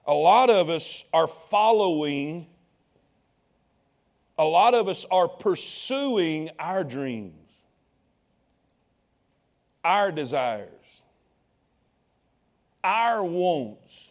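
A man preaching a sermon, calling out to the congregation and swinging between quiet asides and loud appeals. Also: a little high, expressive, very slow, long pauses. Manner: call-and-response preaching to congregation.

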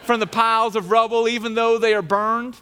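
A man's voice: very high-pitched, level tone, fairly quick, sharp tone, smooth, voice pushed up. A man voicing a scornful ancient male governor who mocks his rivals in a jeering, sarcastic tone, within a sermon. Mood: mocking.

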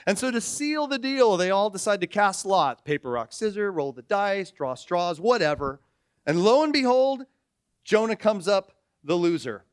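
A pastor in his forties with a high, bright-edged voice preaches a sermon. He tells stories with animation and acts out their characters. The recording is dry and close, with no room sound. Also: animated, normal speed, clean tone, dry recording.

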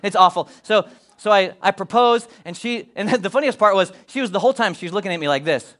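A man in his forties, from Colorado, telling a personal story to an audience with animated, self-deprecating humor and joking asides. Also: high-pitched, quick pace. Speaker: speaker addressing an audience.

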